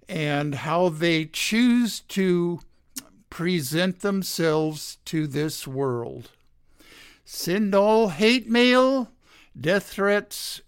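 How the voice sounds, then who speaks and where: A radio show host giving a casual opinion monologue from home, halting with many filler pauses. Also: medium pitch, clear, resonant tone, no echo, clean studio sound.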